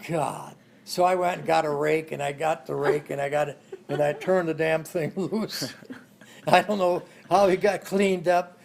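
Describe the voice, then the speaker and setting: A man's voice: on the high side, fairly even intonation, normal speed, creaky, a little mellow. An older man in an interview, telling rambling family stories and chuckling along the way. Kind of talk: oral history storytelling.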